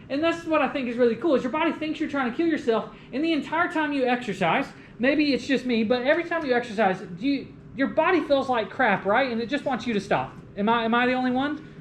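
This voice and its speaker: A man's voice: extremely high pitch, quick pace. Joking male lecturer in echoey classroom. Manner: animated, jokey, asks the class questions. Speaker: college lecturer. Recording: echoey classroom with faint room noise.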